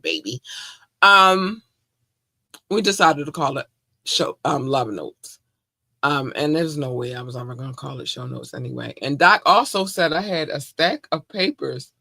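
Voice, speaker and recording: A woman's voice: lowish voice, dry recording. A woman co-hosting a casual podcast, effusive and playful, speaking. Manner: bubbly and effusive, shouting out listeners. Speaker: podcast co-host.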